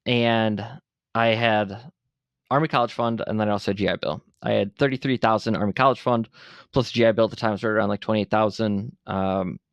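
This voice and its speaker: Talking a little fast in a lowish voice, a forties-aged entrepreneur from Buffalo, New York relives his story on a podcast, blunt, profane, and animated. The candid interview has no echo, though the highs are cut off.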